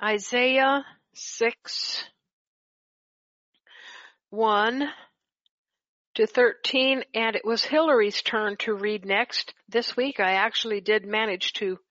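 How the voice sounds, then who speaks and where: A woman leading a group Bible study over a call, talking haltingly with many restarts. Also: medium pitch, steady tone, fairly bright tone, no room sound, muffled recording.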